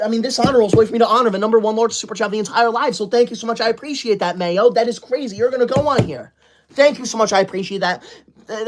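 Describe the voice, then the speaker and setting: A man hosting a livestream, reading out super chats with theatrical, over-the-top gratitude and mock outrage, thanking donors again and again in a hype style. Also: sits high. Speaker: livestream host.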